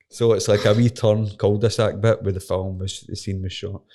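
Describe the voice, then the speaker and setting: A man's voice: on the low side, flat delivery, normal speed, hardly any pauses, dark tone. A young Scottish man, an MMA fighter, telling a story in casual, sweary conversation and laughing as he goes. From Scotland.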